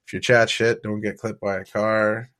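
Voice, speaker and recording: A man's voice: lowish voice, flat delivery, moderate pace, a bit bright. A young man with a laid-back, chatty manner, hosting a casual sports podcast and telling stories with easy laughs. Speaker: podcast host. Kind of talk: casual sports recap and storytelling.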